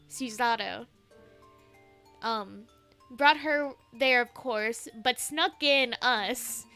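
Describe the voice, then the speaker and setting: A woman's voice: a little high, bright, forceful tone. A woman streamer chatting casually with a friend, rambling and giggly as she recaps a game's story. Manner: giggly, rambling, swears freely. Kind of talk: casual let's-play chat.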